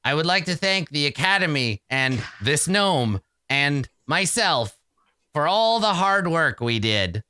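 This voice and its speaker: A giddy, boastful little tinkerer from a tabletop game squeals in a shrill, bright voice, as a man puts him on. The sound is crisp and dry, close to the mic. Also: very animated, unhurried, no room sound, full character voice. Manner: giddy, theatrical.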